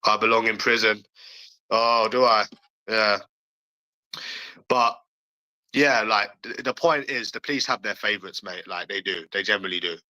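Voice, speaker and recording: A man's voice: lowish voice, normal speed, pauses often, sharp tone, no room sound, rough recording. A man ranting on a livestream, talking bluntly and profanely and repeating himself, while addressing viewers in chat. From London, England.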